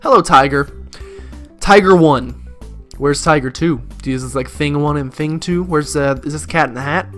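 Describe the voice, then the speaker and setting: A man's voice: on the high side, steady tone, a little fast, hardly any pauses, fairly bright tone, soft background music. A man hosting a let's play, reading game dialogue aloud and making goofy, sarcastic jokes. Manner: goofy, sarcastic, joking asides.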